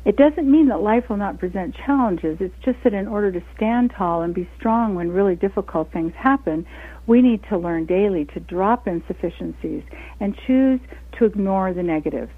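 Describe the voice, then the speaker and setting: A woman presenting a short scripted wellness segment in a calm, measured, encouraging way. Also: medium pitch, slightly rough. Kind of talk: scripted inspirational talk. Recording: thin phone-like radio sound.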